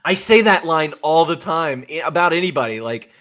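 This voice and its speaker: Male podcast co-host, casual chat, amused and quick to quote. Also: on the high side, animated, fairly bright tone. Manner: amused, quoting lines with gusto.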